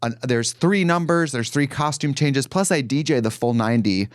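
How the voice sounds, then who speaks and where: A man's voice: medium pitch, moderate pace, no echo, clean studio sound. A man co-hosting a podcast, telling rambling stories in casual chat. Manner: chatty, rambling storyteller. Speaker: podcast co-host.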